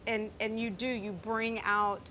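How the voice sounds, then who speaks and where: A woman's voice: medium pitch, little pitch movement, unhurried, pushed and bright, slight background noise. A woman fan speaking to a talk show host in a restaurant, gushing and heartfelt, rambling as she talks. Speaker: fan and guest. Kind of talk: casual emotional chat. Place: restaurant indoors.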